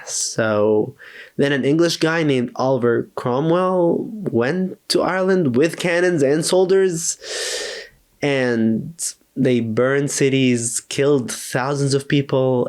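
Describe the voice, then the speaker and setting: A man narrating a history explainer in a chatty, playful way, with jokey asides. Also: medium pitch. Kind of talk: casual educational narration.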